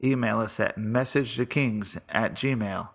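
Earnest man with a gravelly voice. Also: lowish voice, unhurried. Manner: earnest, exhorting. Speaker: podcast host. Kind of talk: devotional Bible teaching.

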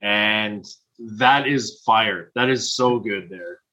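A man's voice: on the low side, takes it slowly, sharp tone, rough recording. A man co-hosting a podcast, chatting in an easygoing way and laughing along. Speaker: podcast co-host. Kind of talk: casual podcast chat.

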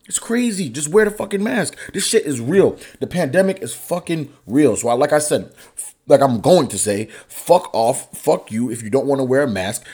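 A young man hosts his own podcast in a loose, swearing, heated talking style. His voice sits fairly low but climbs sharply when he gets angry. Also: darkish tone, slightly rough. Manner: profane, heated, rising pitch when angry. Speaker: podcast host. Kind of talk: casual solo podcast rant.

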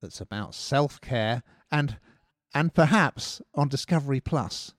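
A man's voice: medium pitch, expressive, unhurried, no room sound, clean studio sound. A man reviewing films in a casual chat, with frequent restarts and a conversational manner. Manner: chatty, hesitant restarts, conversational. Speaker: film reviewer.

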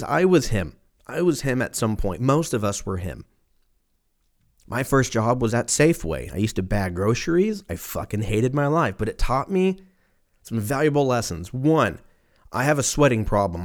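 A man, telling a rambling comic story in a casual, profane way, often breaking off mid-sentence. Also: fairly low pitch. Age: 30s. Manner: profane, rambling, self-interrupting.

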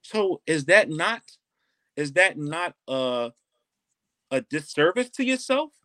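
Bright-voiced man, earnest podcast co-host. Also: a little high, very animated, slow pace, dry recording. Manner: earnest, persistent, talks over others. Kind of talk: casual debate chat.

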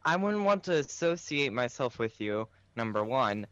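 Dry, matter-of-fact man at a tabletop game; mid-pitched. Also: very animated, normal speed, fairly bright tone, smooth, dry recording, muffled recording. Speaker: player. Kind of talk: casual tabletop game chat.

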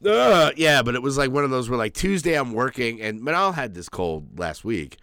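A man's voice: medium pitch, very animated, moderate pace, fairly bright tone, no room sound. A man co-hosting a crude casual podcast, rambling through profane stories and laughing often, a little stuffy from a cold. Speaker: podcast co-host.

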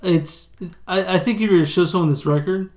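A man's voice: sits high, darkish tone. A man co-hosting a podcast, talking casually about records, often stumbling and repeating words. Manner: halting, repeats words, chuckling. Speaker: podcast co-host. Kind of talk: casual music review chat.

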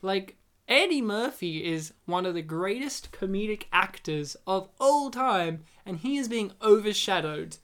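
A man's voice: sits high, lively intonation, unhurried, fairly bright tone. Male podcast co-host; casual film commentary, opinionated, foul-mouthed. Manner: blunt, opinionated, swears freely.

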